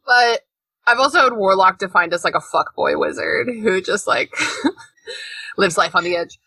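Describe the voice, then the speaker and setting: Bright, animated woman podcaster. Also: medium pitch, normal speed, gravelly, breathy edge, dry recording. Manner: animated, laughs often, swears. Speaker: podcast co-host. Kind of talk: casual chat.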